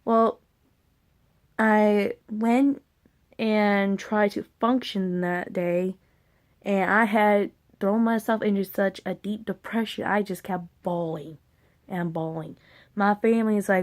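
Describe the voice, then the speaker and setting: Woman vlogger, mid-pitched, loose and rambling storytelling, blunt and candid, swears casually. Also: steady tone, slow pace.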